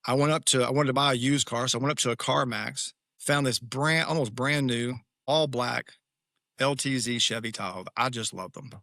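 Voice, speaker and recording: A man's voice: mid-range voice, normal speed, pushed and bright, no echo, clean studio sound. A middle-aged man, a guest author on a podcast, telling a personal story candidly and emphatically, with frequent restarts.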